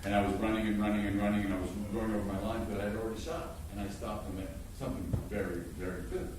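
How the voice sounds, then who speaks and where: An older man teaching acting before an audience, an animated storyteller who stammers and restarts and bursts into loud impressions. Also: fairly low pitch, quick pace, slight background noise. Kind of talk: lively workshop talk. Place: large hall before an audience. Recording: echoey hall from far off.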